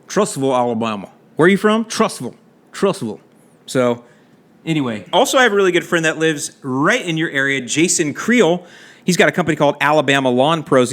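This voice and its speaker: This Florida podcast host answers lawn care questions from listeners in a relaxed, friendly way, tossing in asides as he goes. He speaks on the high side with a fairly bright tone.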